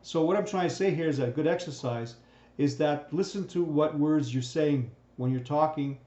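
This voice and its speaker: A man's voice: on the high side, normal speed, dark tone. Man lecturing in a roomy, dull recording. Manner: conversational, repeats "right?" often, frequent restarts. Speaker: instructor.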